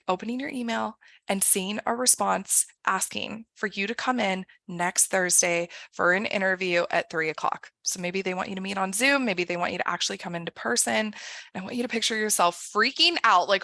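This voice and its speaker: A woman career coach leading a guided visualization, upbeat, often acting out excited inner thoughts. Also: medium pitch, fairly quick, creaky, no echo.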